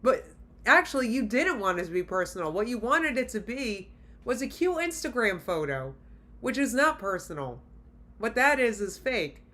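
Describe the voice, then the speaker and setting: A woman's voice: on the high side, very animated, normal speed, bright, forceful tone. A woman hosting a reaction video, talking straight to her viewers in blunt, exasperated casual commentary.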